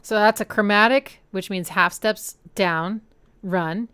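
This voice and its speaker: A woman's voice: mid-range voice, slow pace. A woman hosting a casual music analysis stream at home. She talks in an enthusiastic, chatty way and scats rhythms aloud to explain them. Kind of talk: casual educational music commentary. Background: faint song playing.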